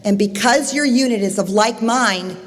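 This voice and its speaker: A woman's voice: a little high, normal speed. A woman giving an emphatic motivational speech on stage, addressing her audience as "gang". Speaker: motivational conference speaker. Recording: echoey hall.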